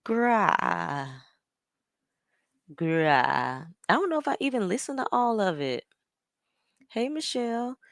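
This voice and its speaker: A woman's voice: on the high side, sing-song, takes it slowly, pauses often, no echo, clean studio sound. A woman hosting a casual livestream, chatting and greeting viewers by name with teasing humor. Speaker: livestream host. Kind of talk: casual chat.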